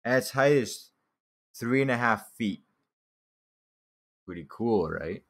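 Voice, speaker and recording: A man's voice: mid-range voice, lively intonation, a little slow, a bit bright. A young man casually commenting on his old childhood drawings, laid-back and joking, swearing now and then and laughing at himself.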